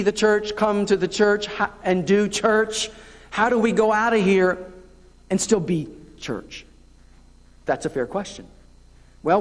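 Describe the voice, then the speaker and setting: Man, Southern US accent, pastor, conversational sermon, lively impersonations, church sanctuary with long reverb. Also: high voice. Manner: conversational preaching, acts out voices of churchgoers. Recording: long reverb of a church hall, local TV broadcast.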